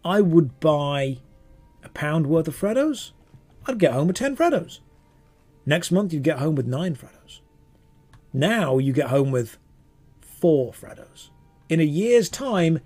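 A man's voice: on the high side, warm tone. Sarcastic British man streaming a game. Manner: sarcastic, rambling banter. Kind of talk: casual gaming stream chatter.

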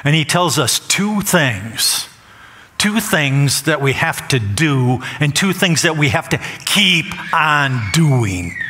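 A man's voice: on the high side, pushed and bright. A man preaching a sermon as pastor, emphatic and repeating phrases for stress. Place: church sanctuary. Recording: long church hall reverb.

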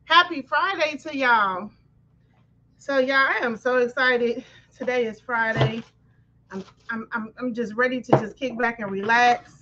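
High-voiced woman hosting a livestream. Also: measured pace, bright, forceful tone, slight background noise. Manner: chatty, greets viewers by name, apologetic about running late. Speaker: livestream craft host. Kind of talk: casual livestream chat. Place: home office. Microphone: computer mic on livestream. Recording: dull lo-fi stream audio.

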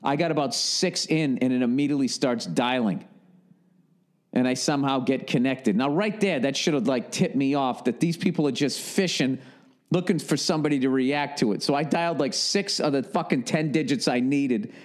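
A middle-aged man hosting a podcast, telling a comedic story in an animated, profane rant. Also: mid-range voice, moderate pace. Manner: animated and profane, working himself up. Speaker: podcast host.

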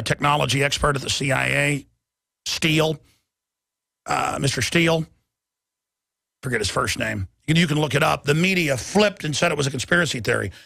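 Gravelly, ranting male talk radio host. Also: on the high side, no room sound, studio quality. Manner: heated, emphatic ranting with sudden loud bursts. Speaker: radio and web show host. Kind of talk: political talk radio monologue.

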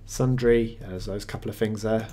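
A man narrating a screencast software review in a matter-of-fact, conversational way, pausing now and then with small hesitations while working at his desktop computer mic. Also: fairly low pitch, steady tone, slight background noise. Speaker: tech reviewer.

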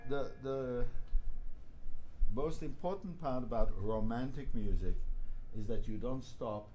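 A man teaching a piano masterclass, giving brisk corrections and singing rhythms aloud. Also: mid-range voice. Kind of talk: masterclass coaching. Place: concert hall or teaching room with piano. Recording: roomy hall with loud piano.

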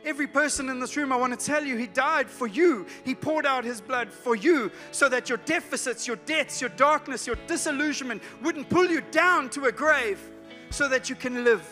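A man from South Africa preaching a sermon as a pastor, moving from hushed pleas to loud urgent calls. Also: extremely high pitch, moderate pace. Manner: emotional, swings from hushed to shouting. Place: church hall. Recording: church hall reverb with soft music.

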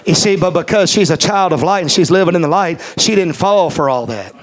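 A man preaching a sermon as pastor, talking emphatically and repeating key phrases. He slows to a measured, deliberate cadence when running through a list. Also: high voice.

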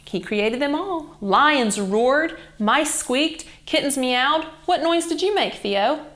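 A young woman reads a story aloud to children in a gentle, expressive way. Her voice sits a little on the high side. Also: slow pace. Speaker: children's church teacher. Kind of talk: reading a Bible story to children.

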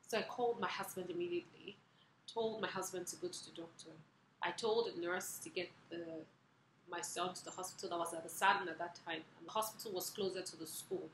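A woman's voice: lowish voice, fairly even intonation, a little fast. A middle-aged woman telling personal stories to camera as the host of her vlog, earnest and emotional, letting her feelings show. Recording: echoey room with faint background hiss.

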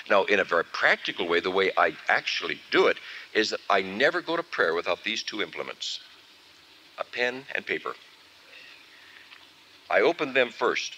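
Man preacher, bright lively voice, acts out his stories for the congregation. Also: low voice, a little hiss or hum, rough recording. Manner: animated storytelling, acts out scenes. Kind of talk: sermon. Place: camp meeting before a live audience. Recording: archival 1979 camp meeting recording.

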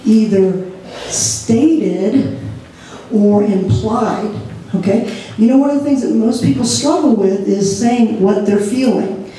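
Animated woman teaching in an echoey room. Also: a little high, slow, slight background noise. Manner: animated, laughing, acts out examples. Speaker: ministry group leader trainer. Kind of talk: church training session. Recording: echoey room, mic far off.

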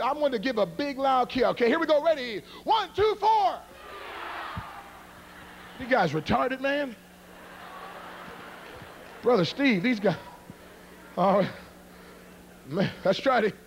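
A middle-aged evangelist jokes with and teases a live church congregation as a humorous sermon introduction before a karate demonstration. His voice is very high-pitched, expressive and gravelly, at a moderate pace with frequent pauses. There's a little hiss or hum in the recording.

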